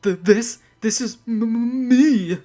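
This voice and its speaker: A man's voice: very high-pitched, takes it slowly, warm tone, faint music behind, pitched above the performer's own voice. A man voicing a touchy middle-aged man who hides a wig, stammering and bursting out defensively. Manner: flustered, stammering, defensive outbursts.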